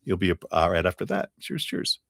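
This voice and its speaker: A very low-pitched man reads tarot live for his viewers, chatting loosely and laughing along the way. His voice is recorded dry and close, with no room sound around it. He rambles, filling pauses with "you know". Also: sing-song, vocal fry, fairly bright tone, dry recording. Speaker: tarot reader hosting a live stream. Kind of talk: casual livestream chat and card reading.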